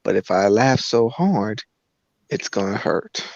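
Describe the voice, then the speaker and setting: Slow, hesitant man on a casual video call, dry and dull audio. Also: lowish voice, expressive, gravelly, darkish tone, no room sound. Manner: slow, hesitant, stifling laughs. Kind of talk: casual chat.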